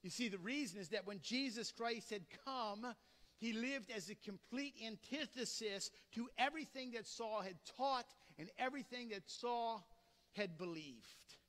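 A man preaching a sermon dramatically, asking rhetorical questions and swinging between loud and hushed delivery. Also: very high-pitched, a little slow, in a large hall.

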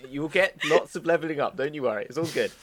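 Male dungeon master, excitable and rambling, a little high-pitched. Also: quick pace. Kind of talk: narrating a tabletop game.

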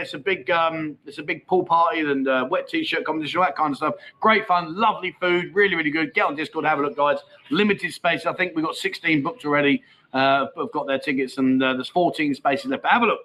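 Bright, high-voiced chatty man. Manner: chatty, cheeky banter, reads out viewer comments. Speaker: livestream host. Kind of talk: casual livestream chat.

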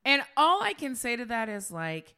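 A woman co-hosting a podcast, a little tipsy and blunt, swearing freely as she jokes. Her voice sits a bit high and swings widely in pitch. It has a bright, forceful edge. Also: sing-song, moderate pace, smooth. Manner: blunt, profane and joking. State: tipsy from drinking. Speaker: podcast co-host. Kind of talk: casual chat.

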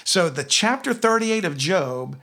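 Man, Southern US accent, Bible teacher, storytelling, slightly high voice, slows for scripture. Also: expressive, bright, forceful tone. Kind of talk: conversational Bible lesson.

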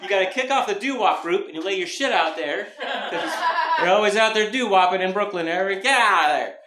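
A man's voice: sits high, brisk. A man from California doing a rambling, self-mocking stand-up set on a club stage before a live audience. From Mountain View, California. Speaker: stand-up comedian. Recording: roomy live club recording, background noise.

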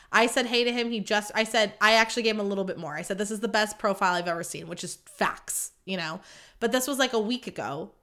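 A young woman hosting her own podcast, ranting candidly about dating, dramatic and self-mocking, swearing freely and swinging between loud outbursts and low mutters. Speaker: podcast host. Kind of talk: candid solo podcast monologue.

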